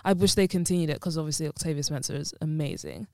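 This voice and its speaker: A young woman co-hosting a podcast, chatting in an upbeat, emphatic way and leaning on fillers. Her voice is on the lower side for a woman. The recording is dry and close to the mic. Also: big pitch swings, fast talker, creaky, dark tone, dry recording. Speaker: podcast co-host. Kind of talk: casual chat.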